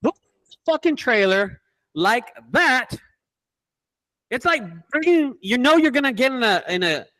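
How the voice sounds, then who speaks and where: A man who owns a junk removal business, telling animated, profane stories in a casual group chat. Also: very high voice, measured pace, long pauses.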